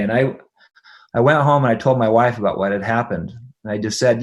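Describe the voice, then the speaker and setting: A middle-aged man speaking as an interview guest, with a voice sitting at an ordinary male pitch. He tells a family story with plenty of energy, laughing as he goes and asking "right?" to keep his listener with him. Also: fairly quick. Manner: animated, laughing, checks in with "right?".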